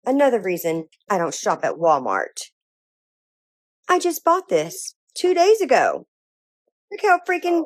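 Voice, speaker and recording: A woman's voice: a little high, huge pitch swings, unhurried, no room sound, clean studio sound. A woman making an indignant complaint video about an expired product she bought.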